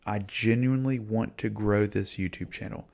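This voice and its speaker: A man in his forties talking to his channel in a relaxed, reflective monologue. His voice sits low and has a gravelly fry, and he speaks like an easygoing coach, dropping in slang and filler "likes". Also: normal speed. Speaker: YouTube channel host.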